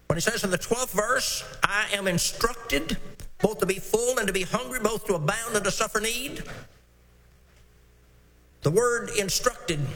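High-voiced preacher in a reverberant hall. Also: male voice, bright, forceful tone, a little hiss or hum. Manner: measured, emphatic scripture reading. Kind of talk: sermon.

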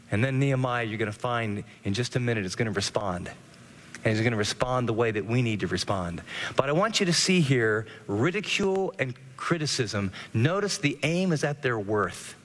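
A middle-aged man preaching a radio sermon, animated, with sudden rises and drops in his voice. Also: mid-range voice, moderate pace, big-room sound. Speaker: pastor.

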